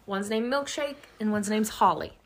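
A woman co-hosts a podcast, telling a story casually and with animation while laughing often. Her mid-range voice moves at a moderate pace.

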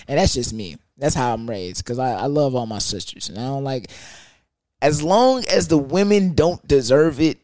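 Animated young man telling a story. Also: medium pitch, moderate pace, dry recording, clean studio sound. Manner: animated, profane, rambling with restarts. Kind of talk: casual storytime.

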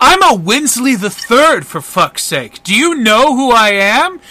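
A man plays an entitled, indignant rich man in a tabletop game, blustering about his own importance. His voice is raised and bright, with a sharp edge. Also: very high voice, sing-song, a little slow, no echo, pitched above the performer's own voice, exaggerated voice. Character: indignant, entitled rich adult male captive.

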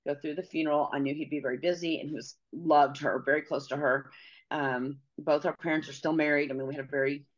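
A middle-aged woman telling a personal story as an interview guest, halting and pausing, often restarting her sentences. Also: low-pitched, steady tone. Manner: halting, with many pauses and restarts. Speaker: podcast guest. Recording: slightly dull lo-fi audio.

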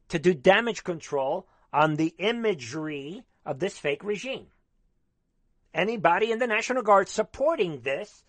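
A commentator with a somewhat high, slightly bright voice launches into a fervent, rambling political monologue, calling out to his listeners again and again. His delivery is urgent and emphatic, and the dry sound has no room echo.

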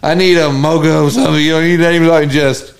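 A man's voice: fairly even intonation, fast, gravelly, slight background noise. Laughing man telling stories. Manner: laughs often while telling funny stories, acts out quotes in a higher voice. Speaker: podcast co-host. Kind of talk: casual chat, storytelling.

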